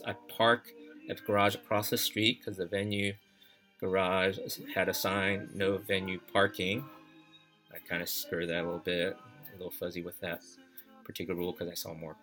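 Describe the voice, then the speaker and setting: A man telling a personal story as podcast host, reflective and halting, with many fillers and restarts. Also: low voice, pushed and bright.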